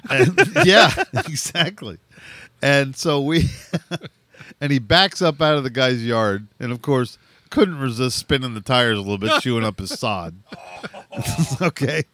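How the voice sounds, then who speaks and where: A middle-aged man telling a rowdy story in casual chat, animated, swearing freely and laughing often. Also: medium pitch, slow pace, no room sound.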